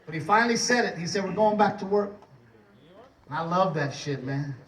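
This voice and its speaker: A man from Texas doing a profane stand-up comedy set, telling rowdy stories and shouting out impressions. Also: sits high, animated, fairly quick. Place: comedy club stage. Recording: echoey club sound from a distant mic under loud audience laughter. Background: loud audience laughter.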